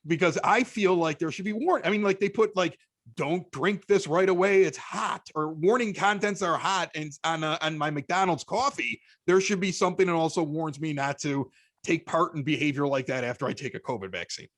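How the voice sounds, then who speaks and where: A man with a Chicago accent, a podcast guest telling stories in casual chat, animated and often stammering through restarts. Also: a little high, brisk, no room sound. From Chicago, United States.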